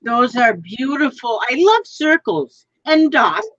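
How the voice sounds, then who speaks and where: A high-voiced woman co-hosts a casual craft livestream, enthusiastic and quick to laugh. Her pitch swings widely and her pace is unhurried. The audio is dry and lo-fi. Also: big pitch swings, fairly bright tone, no room sound. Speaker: livestream co-host.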